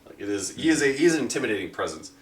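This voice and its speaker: Man narrating a tabletop game, lively voice. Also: medium pitch, racing, noisy background. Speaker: game master. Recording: roomy, mic far off.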